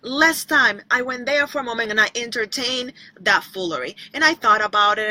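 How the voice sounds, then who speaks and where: Speaking briskly with hardly a pause, this woman has a bright, forceful, expressive voice on the high side. She chats with her livestream audience by name in a repetitive, inspirational devotional talk, occasionally slipping into a few lines of singing. Audio quality is poor.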